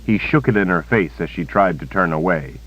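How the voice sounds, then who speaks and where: Deep-voiced male audiobook narrator. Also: slightly rough. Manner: steady, measured reading. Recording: dull lo-fi cassette recording.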